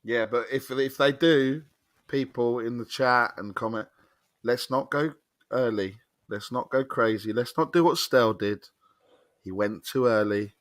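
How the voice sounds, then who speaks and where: A man's voice: medium pitch, unhurried, no room sound, clean studio sound. A man with an English accent co-hosting a casual football fan show, teasing his co-host and getting worked up. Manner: teasing, bantering, gets worked up. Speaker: podcast co-host. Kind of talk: casual chat.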